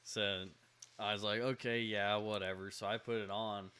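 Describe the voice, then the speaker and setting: A man telling a rough story in a slow, drawling, profane way during a casual podcast chat. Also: on the low side, flat delivery, pushed and bright.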